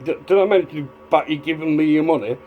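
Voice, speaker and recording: A man's voice: quick pace, phone-quality sound, faint music behind, lightly acted. A man doing a mocking impression of a pompous, self-promoting male online broadcaster who keeps asking for money. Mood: grandiose. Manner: booming showman announcing, begging for money.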